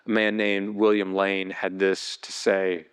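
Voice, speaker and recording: A male pastor preaching a sermon, retelling a Bible story vividly and building to excited, high-pitched passages. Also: a little slow, clear, resonant tone.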